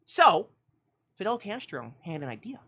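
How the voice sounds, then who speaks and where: A woman streaming a game, telling a mock-epic tale in a theatrical way, swinging from loud declarations to hushed asides and laughing often. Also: medium pitch, very animated, normal speed, slightly rough.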